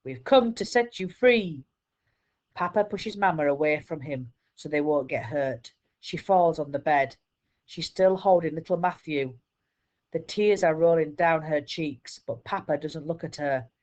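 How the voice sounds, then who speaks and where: A woman teacher reads a children's book aloud, steady and clear. Her voice sits somewhat low. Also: unhurried.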